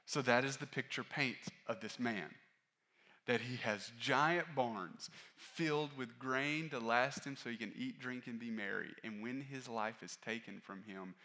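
A male pastor preaching a sermon in a candid, conversational way, rising to stress points and dropping low and quiet for personal asides. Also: a little slow. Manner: candid, conversational preaching that rises and falls in force.

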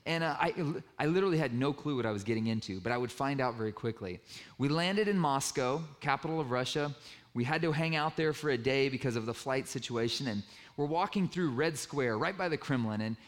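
A man giving a sermon-style personal story to a room, lively and self-mocking, acting out the dialogue. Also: medium pitch, brisk. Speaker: speaker telling a personal story to an audience. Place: room with a live audience.

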